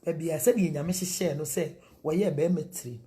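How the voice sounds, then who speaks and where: A woman's voice: low-pitched, normal speed, dark tone, slight background noise. A middle-aged woman with a Ghanaian accent, preaching marriage counsel in a sermon, mixing Twi and English and asking rhetorical questions.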